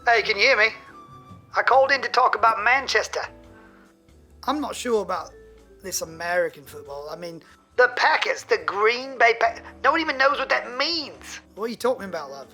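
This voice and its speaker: A performer putting on a loud British male football fan calling in, with a mock British accent that keeps slipping into Australian. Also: medium pitch, lively intonation, moderate pace, soft background music. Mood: rowdy. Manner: boisterous, laughing at own accent.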